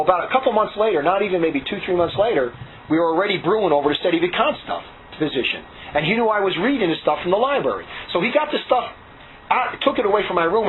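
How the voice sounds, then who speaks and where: Fast-talking man on tinny audio. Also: a little high. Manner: repetitive, restarts often, excitable. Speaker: former monastery resident giving testimony. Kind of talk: rambling spoken storytelling. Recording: tinny phone-like audio with faint hiss.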